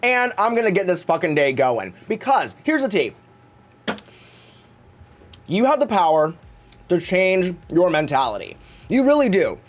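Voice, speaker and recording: Man, streamer, campy and theatrical, very lively pitch, casual live-stream chat. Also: measured pace, pauses often, slight background noise. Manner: campy, theatrical, swears freely.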